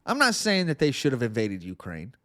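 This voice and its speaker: A man's voice: mid-range voice, huge pitch swings, a little fast, fairly bright tone, no room sound, clean studio sound. A male podcast host giving earnest political commentary, often repeating words as he presses a point.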